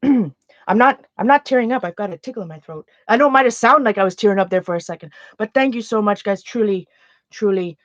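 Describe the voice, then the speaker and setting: A woman's voice: mid-range voice, dry recording, highs cut off. Chatty Canadian woman streaming her art. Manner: chatty, rambling, restarts often. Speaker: art livestreamer. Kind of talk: casual livestream chat while making art.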